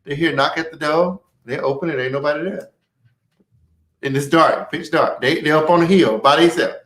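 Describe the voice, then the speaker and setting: A man's voice: a little high, normal speed, fairly bright tone. A man who is a guest on a talk show, spinning a rambling, playful story in casual chat. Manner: rambling, playful, acts out characters. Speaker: guest, writer. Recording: echoey room.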